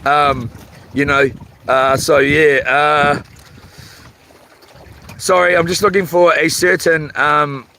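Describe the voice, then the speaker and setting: A man talks slowly and loosely into his phone while fishing at night, pausing often as he hunts through chat messages. His voice sits fairly high and bright, with a slightly rough, tired edge to it. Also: level tone, a little hiss or hum. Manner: rambling, halting, reads chat comments aloud. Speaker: livestream host. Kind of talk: casual livestream chat. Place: outdoors on a rock by the water at night.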